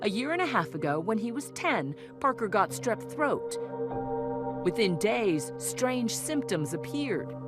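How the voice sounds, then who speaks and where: A woman narrating a news feature in a measured, serious scripted delivery. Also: a little high, sing-song. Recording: voice-over with loud music bed.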